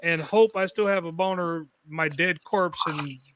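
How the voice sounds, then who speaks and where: A man's voice: fairly high pitch, a little slow, a bit bright, slight background noise. A man chatting casually on a stream, telling crude stories and acting out dialogue. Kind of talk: casual chat, storytelling.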